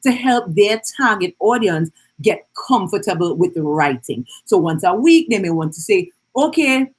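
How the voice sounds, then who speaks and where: A business coach hosts an Instagram live, greeting viewers and teaching in a chatty style while repeatedly checking in with "right?". Her voice is husky, expressive and on the low side, delivered at a normal speed.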